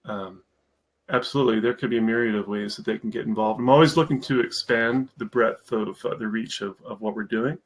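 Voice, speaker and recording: A mentorship program founder appears as a guest on a casual live-stream interview, talking enthusiastically and rambling with lots of fillers. His voice is lowish and a little fast, and the recording is rough.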